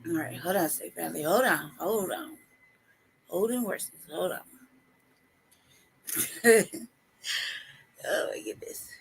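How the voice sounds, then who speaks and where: A live-stream host speaking outdoors into a phone, talking slowly and killing time with viewers. The voice is gravelly with a husky edge, and the talk drifts from thought to thought. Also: medium pitch, low-quality recording. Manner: slow, rambling, talking to viewers while waiting. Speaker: livestream host. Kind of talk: casual live-stream chat. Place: outdoors in the cold.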